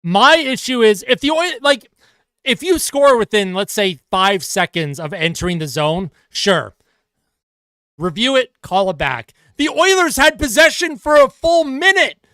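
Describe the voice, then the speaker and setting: A man's voice: extremely high pitch, lively intonation, a little slow, pushed and bright, smooth, no room sound, clean studio sound. A man streaming live fan reaction and play-by-play commentary, swearing and ranting about calls. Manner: exasperated, swearing, rants at calls.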